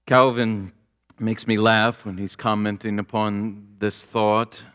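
A man preaching a sermon as pastor, deliberate, building to fervent exclamations. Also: lowish voice, little pitch movement, a bit bright, smooth.

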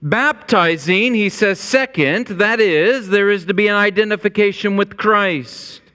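A man preaching a sermon as pastor, with an emphatic, repetitive cadence that climbs higher in pitch when he stresses a point. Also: a bit bright, clear, resonant tone, big-room sound.

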